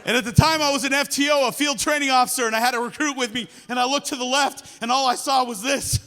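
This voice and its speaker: A man's voice: very high-pitched, steady tone, fast. A man doing a stand-up comedy set as a police officer, telling his stories in a dry, chatty way. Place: large venue with live audience. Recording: echoing hall with loud noise.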